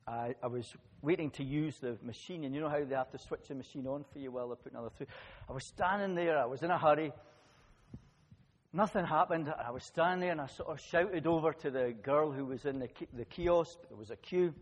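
Husky pastor telling a story. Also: male voice, a little high, a little fast. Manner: animated storyteller, rising loud for emphasis, dropping quiet for asides. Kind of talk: sermon with storytelling. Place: church hall. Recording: long church-hall reverb.

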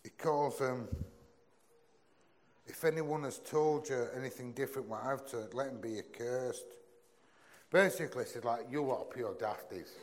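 A young man preaching a sermon in a conversational, earnest way, often dropping into a low, soft voice. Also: steady tone, normal speed, long pauses.

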